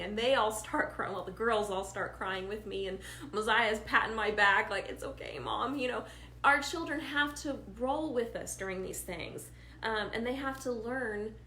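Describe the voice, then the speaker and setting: A woman's voice: a little high, a bit bright, echoey room, a little hiss or hum, poor audio. A mother co-hosting a parenting talk, speaking personally while emotional and close to tears. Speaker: co-host, homeschooling mother.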